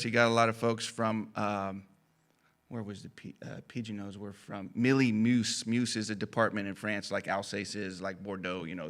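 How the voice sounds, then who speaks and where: A man's voice: lowish voice, bright, forceful tone. A man giving a casual history talk at a conference, folksy and self-deprecating, chatty with lots of fillers. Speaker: conference speaker. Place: conference hall.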